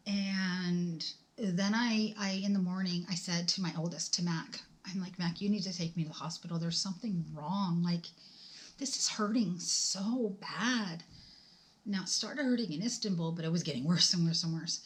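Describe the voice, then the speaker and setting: A woman's voice: fairly low pitch, moderate pace. A woman in her forties telling a personal story to the camera in a conversational, emotional way, acting out the dialogue and dropping to a whisper at times. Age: 40s. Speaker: vlogger.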